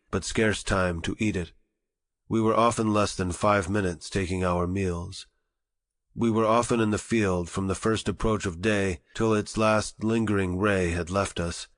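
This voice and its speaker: A man narrating an audiobook in a measured, formal reading style. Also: low voice, fairly bright tone. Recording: long reverberant echo.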